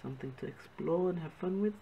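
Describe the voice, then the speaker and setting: An Australian man talks through his drawing in a loose, chatty ramble, correcting himself as he hunts for words. His voice is gravelly, with fry in it. A faint background hiss sits under the recording. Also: a little high, quick pace, highs cut off. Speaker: artist narrating his drawing. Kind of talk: casual rambling commentary while drawing.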